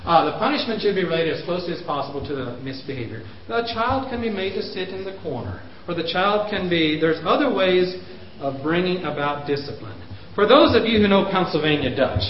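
Animated man in his fifties lecturing. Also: on the high side, moderate pace. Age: 50s. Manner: animated, voice swings up for emphasis, chuckles at himself. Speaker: speaker on parenting. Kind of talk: lecture to parents. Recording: roomy, dull lo-fi recording.

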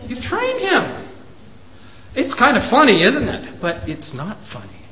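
A man in his fifties lecturing parents, animated, pushing his voice up for emphasis and chuckling at himself. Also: extremely high pitch, measured pace. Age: 50s. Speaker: speaker on parenting. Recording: roomy, dull lo-fi recording.

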